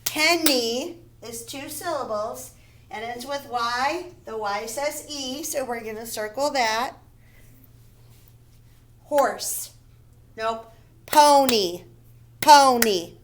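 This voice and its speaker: A woman teaching young children to read, speaking at a slow, deliberate pace. Her voice sits fairly high, and she repeats each word and sounds out its syllables with care. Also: a bit bright, a little hiss or hum, poor audio. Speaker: first grade teacher. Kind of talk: phonics lesson for young children.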